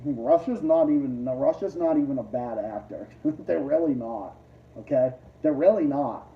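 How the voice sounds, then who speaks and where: A man hosting a livestream, ranting casually, profane and combative, jumping between loud outbursts and low mutters. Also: normal speed. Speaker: livestream host. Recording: muffled, roomy, distant lo-fi mic.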